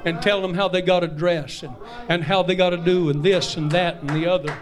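Male pastor, high-pitched, fiery repetitive preaching. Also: fairly even intonation, a little fast. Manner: preaching, repeats lines and rises to shouts. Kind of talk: sermon.

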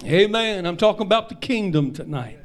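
Male pastor, high-pitched, fiery repetitive preaching. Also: animated, normal speed. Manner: preaching, repeats lines and rises to shouts. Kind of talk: sermon.

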